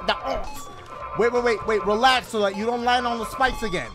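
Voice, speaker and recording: A man giving excited gameplay commentary, talking to his audience and yelping and shouting often. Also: extremely high pitch, moderate pace, over music. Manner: loud, yelps and shouts often; talks to the audience as "guys". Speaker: gaming channel host.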